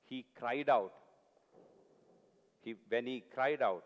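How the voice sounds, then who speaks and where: A man's voice: medium pitch, takes it slowly, long pauses, lo-fi sound. A man preaching a sermon, earnest and pleading, repeating his key phrases for emphasis. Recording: long hall reverb.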